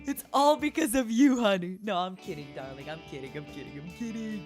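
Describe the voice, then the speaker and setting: A woman streamer chatting playfully, teasing her viewers as honey and swinging between loud mock-dramatic outbursts and soft murmurs. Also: medium pitch, lively intonation, brisk, faint music behind. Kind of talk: playful solo stream chat.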